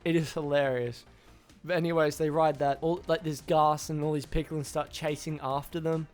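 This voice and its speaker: A man's voice: on the high side, level tone, moderate pace, soft background music. A man casually recapping a film's plot for his channel, rambling, restarting names and acting out the characters' lines. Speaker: YouTuber reviewing a film.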